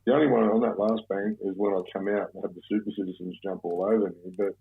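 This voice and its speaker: Gravelly Australian man, phone-like sound. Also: lowish voice, quick pace. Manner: relaxed, profane, rambling storyteller. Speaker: guest, former bank robber. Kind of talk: casual storytelling interview.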